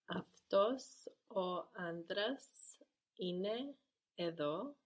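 A woman answering as a learner in a language lesson, giving hesitant replies with pauses. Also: lowish voice, animated.

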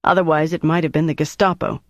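A man reading an audiobook, voicing a composed officer who speaks in a cool, firm, measured way. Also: fairly high pitch, flat delivery, no echo, studio quality, close to an everyday voice. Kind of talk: audiobook character voice.

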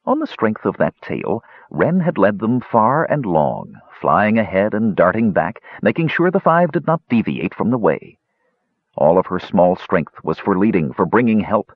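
A man reading a fantasy story aloud in an expressive storytelling manner. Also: on the low side, moderate pace, breathy edge, no room sound. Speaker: audiobook narrator. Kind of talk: scripted fantasy narration. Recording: slightly dull lo-fi recording.

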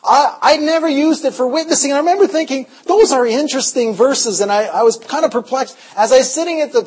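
A man preaching a revival sermon, telling stories in an animated way, his voice swinging between loud and hushed. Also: extremely high pitch, quick pace. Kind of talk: storytelling sermon.

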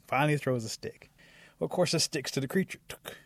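Gravelly man telling a lively folk tale. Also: on the high side, a little fast, dry recording. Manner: animated, acts out the animals. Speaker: storyteller. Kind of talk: oral storytelling.

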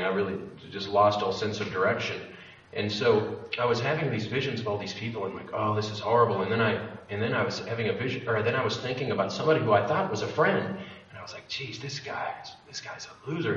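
A man's voice: lowish voice, quick pace, fairly bright tone. A young man candidly telling a personal story to a live audience, rambling and swearing freely, often cutting himself off. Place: event room with an audience. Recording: roomy, distant, dull lo-fi room recording with faint noise.

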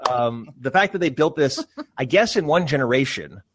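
A man's voice: medium pitch, lively intonation, moderate pace, fairly bright tone, husky. A man co-hosting a casual podcast chat, rambling with fillers and restarts and slipping into mock quotes. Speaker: podcast co-host.

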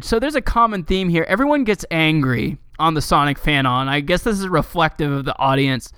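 A man's voice: on the high side, animated, brisk, few pauses, fairly bright tone, smooth, dry recording, studio quality. A man co-hosting a casual podcast, reading fan writing aloud with sarcastic, profane commentary. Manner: sarcastic, swears often, laughs at the text.

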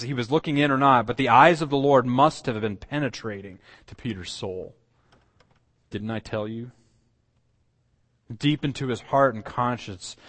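A man's voice: mid-range voice, a bit bright. A man preaching a sermon as pastor, telling the story with acted quotes, asides and frequent fillers.

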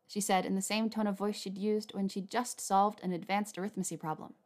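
A woman narrating a story aloud in a measured, even reading. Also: mid-range voice. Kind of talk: reading fan fiction aloud.

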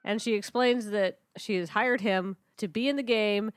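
A woman with a mid-range voice chats on a podcast, retelling TV scenes in a lively way. Her voice is close to the mic and dry. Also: mid-range voice, moderate pace, clean tone, no echo. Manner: chatty, animated retelling with quoted lines. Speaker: podcast co-host. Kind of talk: casual chat recapping a TV episode.

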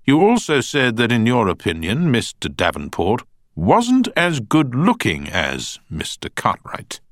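A man voicing a cool male barrister, cross-examining in a measured, pointed way. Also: mid-range voice, wildly swooping pitch, no echo, clean studio sound, voice pushed up. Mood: probing. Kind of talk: audiobook character voice.

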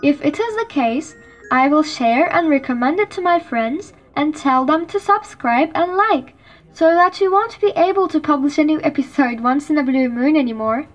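A woman's voice: sits high, expressive, normal speed, soft background music. A woman reading scripted podcast dialogue, nervous and apologetic, laughing at her own slips. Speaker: guest on podcast.

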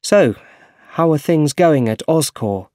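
A shy young man keeping a secret, as a male reader voices him, talking earnestly with little stammers and a voice pitched a bit above his narration. Slow, careful storybook reading in a bone-dry room. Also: expressive, dark tone, no echo. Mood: friendly.

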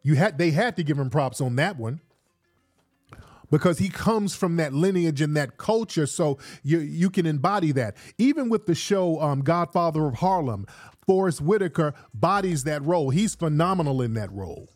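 Podcast guy riffing in slang, lively up-and-down voice, a bit high, faint music behind. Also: moderate pace. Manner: animated, streetwise slang, repeats himself. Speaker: podcast host. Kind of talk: casual commentary.

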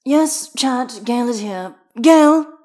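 A bossy, sharp-tongued young man who always has the last word, as a woman reads him in a fan audiobook. His lines sit high and swing lively, clipped and dry. He scolds and directs without pausing. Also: lightly acted. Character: sharp-tongued young male figure skater.

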